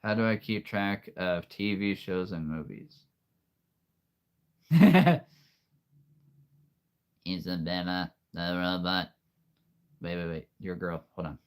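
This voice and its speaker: A man in his late thirties chatting casually with viewers on a live stream, easygoing and quick to laugh. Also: low-pitched, clear, resonant tone. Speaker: streamer and voice performer.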